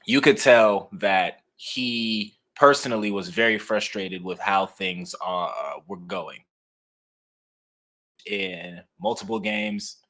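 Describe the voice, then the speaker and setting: A young man co-hosting a sports podcast in a laid-back, measured way, with frequent ums. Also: deep voice, fairly bright tone. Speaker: sports reporter, podcast co-host. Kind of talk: casual sports podcast chat.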